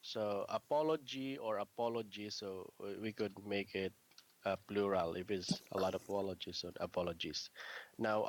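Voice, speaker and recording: A man teaching a one-on-one English lesson, patiently correcting his student's words and often clearing his throat. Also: lowish voice, normal speed. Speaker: English tutor.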